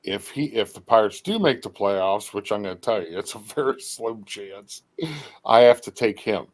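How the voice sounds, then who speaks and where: A man's voice: lowish voice, lively intonation, normal speed. A man as a guest on a livestream, casually telling teasing stories. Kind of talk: casual chat.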